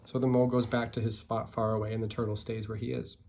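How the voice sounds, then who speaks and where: A man, a picture book author, reading his story aloud and chatting about it in a relaxed, self-deprecating way. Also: on the low side, quick pace, creaky, a little hiss or hum.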